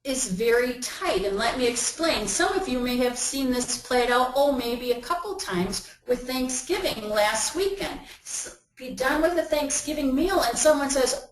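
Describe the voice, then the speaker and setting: A woman's voice: high voice, lively intonation, measured pace, hardly any pauses. A woman giving a webinar talk in a conversational way, acting out everyday inner voices as she explains. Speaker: webinar presenter. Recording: roomy echo.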